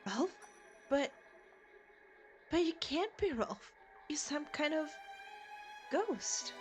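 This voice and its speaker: A woman's voice: sits high, very animated, very slow, soft background music, pitched above the performer's own voice, exaggerated voice. Woman reading as a guilt-ridden father. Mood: sorrowful. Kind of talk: reading game dialogue aloud in voices.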